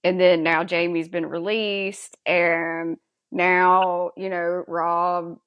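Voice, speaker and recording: A woman's voice: fairly low pitch, level tone, drawn-out words, smooth, lo-fi sound. A woman co-hosting a podcast, chatting casually and with strong opinions as she recaps a TV episode and asks her co-host's views. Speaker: podcast co-host.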